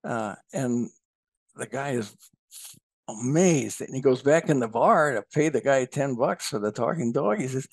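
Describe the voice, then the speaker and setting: A man's voice: mid-range voice, expressive, measured pace, no room sound, clean studio sound. A man as a podcast guest, chatting casually about history and politics and telling jokes in an easygoing way.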